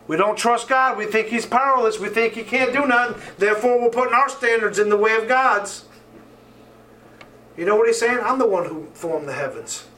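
A man's voice: very high-pitched, fairly even intonation, normal speed, bright, forceful tone, recorded from a distance, rough recording. A man preaching a sermon, fervent and full of rhetorical questions, reading scripture aloud.

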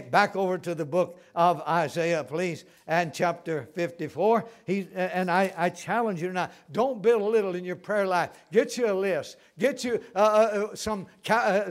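An older man preaching a sermon, telling stories and repeating phrases for emphasis. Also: high-pitched.

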